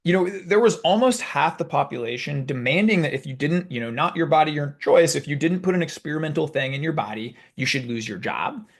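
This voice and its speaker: A man hosting a video, telling a story in a casual, animated, conversational way. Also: fairly high pitch, a little fast, hardly any pauses. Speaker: video host. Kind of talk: casual talk to camera.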